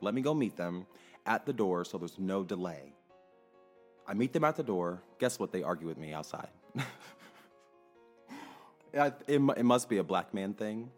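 A man telling a story in a casual, emphatic monologue, now and then cursing. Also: lowish voice. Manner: animated, emphatic, swears freely. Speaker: clinic worker telling a story.

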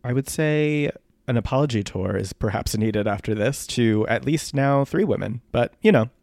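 Laid-back gravelly man co-hosting a chat podcast, dry close mic. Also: medium pitch, animated, moderate pace, a little mellow, no echo. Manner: laid-back, gossipy, trails off with fillers. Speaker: podcast co-host. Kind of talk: casual chat.

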